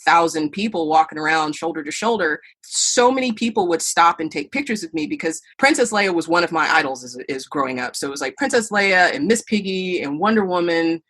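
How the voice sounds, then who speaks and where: Husky-voiced woman telling stories, animated. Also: on the low side, a little fast, hardly any pauses. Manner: animated storyteller, acts out quoted voices. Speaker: podcast guest, burlesque performer. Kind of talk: storytelling interview answers.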